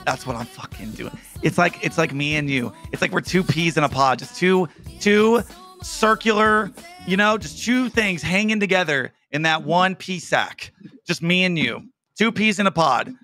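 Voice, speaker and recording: A man's voice: high-pitched, normal speed, bright, forceful tone, faint music behind. A man on a gaming voice chat, joking around bluntly and swearing freely with his friends. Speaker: streamer's teammate.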